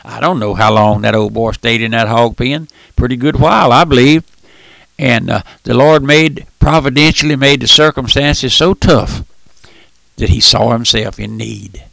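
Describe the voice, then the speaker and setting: An older man preaching a fervent radio sermon in a folksy, impassioned way, swinging from loud outbursts to hushed appeals. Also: medium pitch, normal speed, gravelly, dry recording. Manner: impassioned, folksy, calls out "my friend", surges loud then drops soft.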